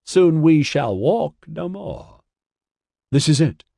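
A sad, ancient alien woman speaks in slow, sing-song riddles, voiced by a male audiobook narrator. Her husky voice rises and falls widely. The sound is dry and close. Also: fairly high pitch, big pitch swings, warm tone, dry recording, pitched above the performer's own voice, full character voice. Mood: mournful. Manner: slow, lilting, riddling speech. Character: ancient serene female alien singer, mournful.

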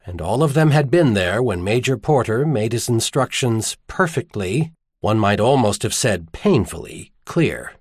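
A man narrates a novel as an audiobook, with a lively, wide-ranging voice that rises and falls with the story. His pitch sits in the middle range. The recording is close and completely dry. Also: no room sound. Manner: expressive storytelling. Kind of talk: scripted narration.

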